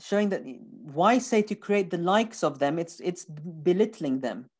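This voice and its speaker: A man's voice: high-pitched, unhurried, darkish tone, husky. A man giving a recorded lecture on scripture, talking animatedly and emphatically, with rhetorical questions and words repeated for emphasis.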